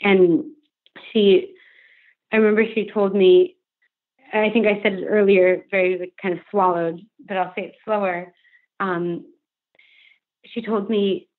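A woman's voice: medium pitch, little pitch movement, a little slow, long pauses. A young adult woman speaking earnestly and candidly as a podcast guest, with frequent "like" fillers. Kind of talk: candid interview conversation. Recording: phone-line remote call.

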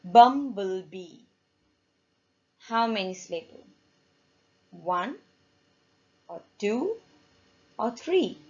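A woman's voice: medium pitch, sing-song, takes it slowly, long pauses, breathy edge. A woman teacher, giving a classroom lesson for children and quizzing her pupils with repeated questions. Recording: dull lo-fi recording.

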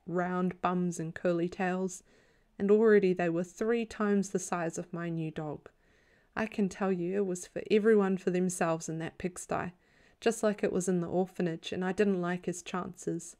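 A woman reading a novel aloud as a bedtime story in a calm, even storytelling voice. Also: fairly low pitch, measured pace. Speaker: audiobook reader.

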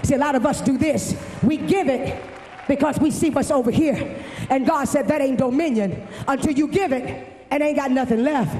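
A woman's voice: sits high, moderate pace, mellow, some chatter behind. A woman preacher delivering a fervent sermon in a repetitive preaching cadence at a live camp meeting in a large church. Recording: reverberant church hall with faint noise.

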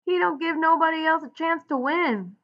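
Woman reading as a blunt gruff ranch hand. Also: extremely high pitch, moderate pace, fairly bright tone, muffled recording, pitched above the performer's own voice. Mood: insistent.

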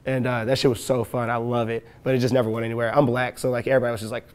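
A young man from Chicago, a rapper, telling profane, animated stories in a casual interview and acting out the people he quotes. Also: medium pitch, very fast, few pauses, clear, resonant tone.

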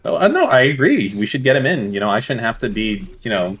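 A man's voice: medium pitch, very animated, quick pace, a bit bright. A man running a casual voice call, teasing and sarcastic in a playful way. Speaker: call organizer.

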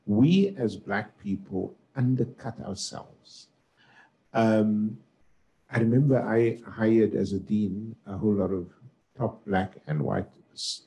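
A middle-aged South African man speaking on a discussion panel as a professor. His voice sits low with a gravelly, dark edge. He talks forcefully and swells into emphatic bursts. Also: rough recording. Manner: forceful, rising to emphatic outbursts.

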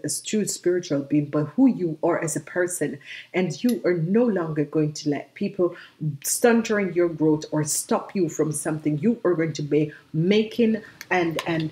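Low-voiced woman giving an upbeat tarot reading. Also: a little mellow, a little hiss or hum. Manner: encouraging, emphatic, many "um" fillers. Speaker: tarot reader. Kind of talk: solo video reading addressed to viewers.

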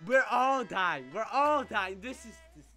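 A man hosting an excitable gameplay commentary, loud and frustrated, often yelling. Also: high-pitched, measured pace, soft background music. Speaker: gameplay video host.

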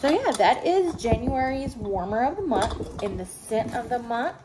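A young woman, gushing excitedly about a product she shows at home, with many fillers and restarts. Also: a little high, moderate pace. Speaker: home sales consultant showing a product. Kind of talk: casual product show-and-tell. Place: home room, indoors. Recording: clear home noise behind.

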